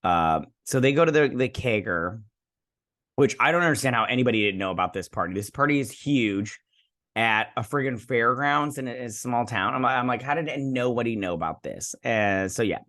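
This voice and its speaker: A man's voice: medium pitch, lively intonation, moderate pace, a bit bright. A man hosting a casual episode review, retelling scenes in a rambling way with snarky asides. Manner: rambling retelling with many "she's like" quotes. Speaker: host.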